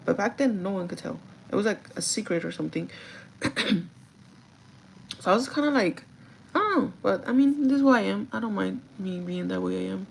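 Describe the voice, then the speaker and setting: There's background noise behind this young woman's creaky, low-leaning voice as she livestreams a get-ready-with-me session. Chatty and confiding with her audience, she uses lots of "like" and sprinkles in Spanish.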